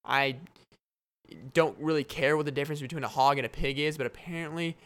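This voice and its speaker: A man's voice: on the high side, steady tone, fairly quick, fairly bright tone. A man hosting his own podcast, rambling through a daydream story with frequent laughs. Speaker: podcast host. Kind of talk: solo podcast monologue.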